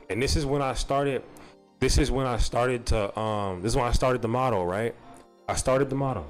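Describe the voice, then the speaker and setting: On a live stream, a young man with a medium-pitched voice tells a meandering, foul-mouthed story at a moderate pace, circling back and repeating himself. Faint music plays in the background.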